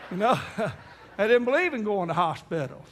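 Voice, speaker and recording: A middle-aged man preaches in a voice pitched well above most men. He tells a story and acts out the people in it, his voice climbing toward a cry at the emotional peaks. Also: sing-song, moderate pace. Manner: acts out quoted voices, rising to near-shouts in emotional peaks. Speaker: evangelist. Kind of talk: sermon storytelling.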